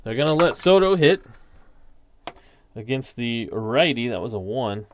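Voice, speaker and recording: A man doing measured play-by-play for a tabletop baseball game, in an unhurried, methodical delivery. His voice sits at an ordinary pitch and is recorded close and dry, with no room sound around it. He works through dice results and stat lines one at a time. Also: expressive, no echo. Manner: slow and deliberate, reading out dice rolls and stats. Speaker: league commissioner calling a tabletop baseball sim. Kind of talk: play-by-play commentary.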